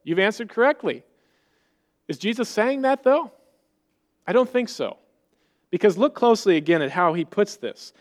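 Male pastor, high voice, earnest conversational sermon delivery, rhetorical questions to the congregation. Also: animated, normal speed, pauses often.

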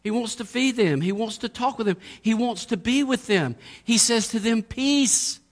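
A man's voice: extremely high pitch, moderate pace. A middle-aged man preaching a sermon, asking strings of rhetorical questions and building to emphatic peaks. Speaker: pastor.

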